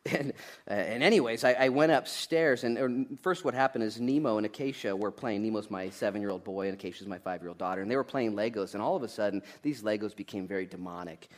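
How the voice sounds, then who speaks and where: A man in his thirties preaching a sermon, jokey and animated, swinging between loud bursts and quiet asides. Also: on the low side, fast talker. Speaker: pastor.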